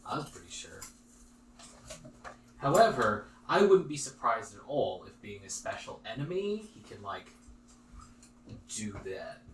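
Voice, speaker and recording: Animated male player, echoey and distant. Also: lowish voice, unhurried, long pauses. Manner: lively, thinks aloud, hedges with "like". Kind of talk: casual tabletop game chat. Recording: roomy, distant mic, faint noise.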